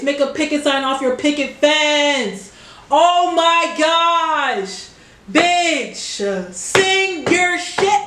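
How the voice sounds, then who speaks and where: Young woman w a high voice reacting to a song, loud excited outbursts, echoey room w faint music. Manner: excitable, exclaiming and swearing, cheering at the song. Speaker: reaction video creator. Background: music playing from a speaker.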